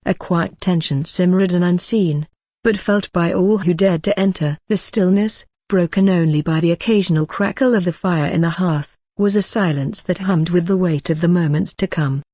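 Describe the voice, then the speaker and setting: A synthetic audiobook narrator reading fantasy prose in a steady, even storytelling manner at a middling pitch. The sound is dry and close to the microphone, with no room echo at all. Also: normal speed.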